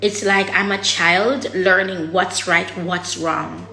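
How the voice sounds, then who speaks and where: A lowish, bright, forceful voice with vocal fry comes through slowly and with fairly even intonation, in a roomy-sounding space. The woman is vlogging candidly, blunt and raw, swearing freely and heavy with her words.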